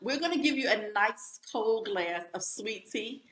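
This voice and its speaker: Hosting her podcast from an echoey room, this playful, folksy woman from rural Lawrenceville, Virginia, US frequently speaks straight to her audience. Her voice is on the high side, expressive and a bit bright, at a measured pace, with a little hiss or hum.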